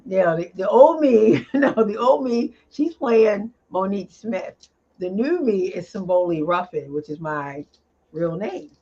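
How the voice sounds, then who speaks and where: A woman guest in a casual interview, talking about her advocacy work, animated and quick to laugh, with filler-filled pauses. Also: medium pitch, breathy edge. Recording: dull lo-fi audio.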